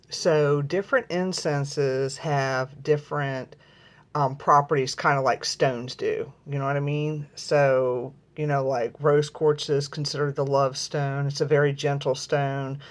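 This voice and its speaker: A woman hosting a casual live video at home, talking to viewers in a chatty, rambling way and calling them y'all. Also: sits low. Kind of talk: casual live-stream chat. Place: at home, lighting incense.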